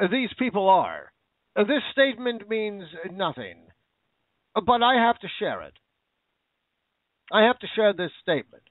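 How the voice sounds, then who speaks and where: A man's voice: high voice, big pitch swings, takes it slowly, long pauses, dry recording. A man hosting a show, ranting with sarcasm and indignation, repeating himself. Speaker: show host. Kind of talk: ranting commentary. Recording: tinny phone-like line.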